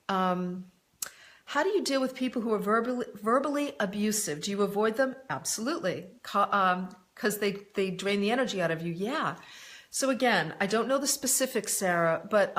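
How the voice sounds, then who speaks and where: A woman's voice: medium pitch, a bit bright. Candid woman coaching viewers live. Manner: candid and direct, addresses viewers by name, frequent "um" and "you know". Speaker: life coach answering viewer questions. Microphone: live online broadcast.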